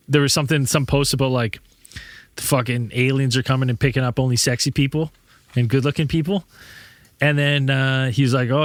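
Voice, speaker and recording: Bright-voiced guy in his 30s rambling thru a story, swears constantly, dry close sound. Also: mid-range voice, dry recording. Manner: rambling storyteller, swears a lot, laughs often. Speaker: podcast host. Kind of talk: casual chat.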